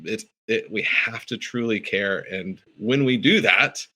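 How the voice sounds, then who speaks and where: A man's voice: lowish voice, unhurried, bright, forceful tone, breathy edge. A man appearing as a podcast guest, a sales coach talking with enthusiasm and reflection. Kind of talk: casual interview chat.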